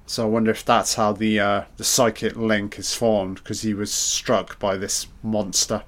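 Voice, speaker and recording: A lower-pitched man talks through a film in a loose, chatty commentary. He jokes around and swears freely as he reacts to scenes. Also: flat delivery, measured pace, hardly any pauses, fairly bright tone. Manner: profane, joking, chatty. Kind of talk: casual audio commentary.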